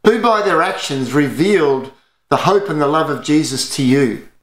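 A man's voice: fairly high pitch, expressive, normal speed, fairly bright tone, roomy sound. An Australian man preaching an earnest sermon as pastor, telling stories to his church.

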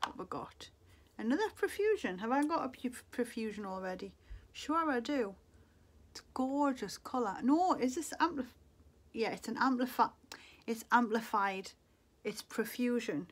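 A woman's voice: on the high side, animated, moderate pace. Woman, middle-aged, beauty vlogger, casual, wistful, talks to herself. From Northeast England. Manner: chatty, muttering to herself, wistful. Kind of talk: casual talk to camera.

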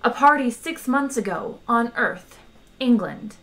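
A woman's voice: fairly high pitch, lively intonation, unhurried, fairly bright tone, voice pushed up. A woman reading aloud, voicing an ordinary English man who speaks sharply, coldly and insistently. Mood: indignant.

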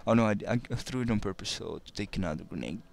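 Gravelly-voiced man narrating gameplay. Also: fairly low pitch, fast talker, a little hiss or hum. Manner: rambling, restarts words, stumbles. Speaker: let's play commentator. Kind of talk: casual gameplay commentary.

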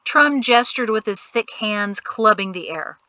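A woman narrating an audiobook in an even, measured storytelling manner. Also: medium pitch, no echo, low-quality recording. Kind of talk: scripted narration.

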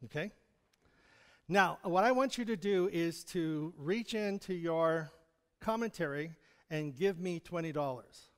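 A man delivers a sermon in an easy, conversational manner, often chuckling and asking his congregation direct questions. His voice sits high for a man. A long reverb from the church sanctuary trails after his words. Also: unhurried, clean tone. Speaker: pastor.

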